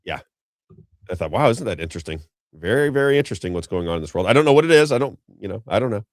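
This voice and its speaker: A middle-aged man running an unscripted political talk show at a quick, pushy clip. His low voice sits close to the mic in a dry room, and he rambles emphatically, repeating himself and turning to his co-host. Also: animated, no echo. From Missouri, USA.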